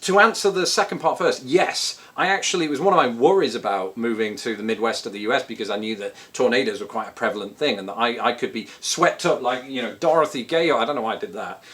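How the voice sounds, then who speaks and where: A man's voice: medium pitch, fast, few pauses, a bit bright. A British man with a British accent, chatting casually to camera as he answers viewer questions with joking, self-deprecating asides. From Britain.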